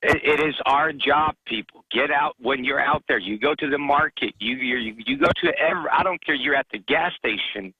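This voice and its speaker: Impassioned husky male radio caller. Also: mid-range voice, no room sound, muffled recording. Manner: earnest, impassioned, halting. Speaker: caller, truck driver. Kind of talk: call-in talk radio.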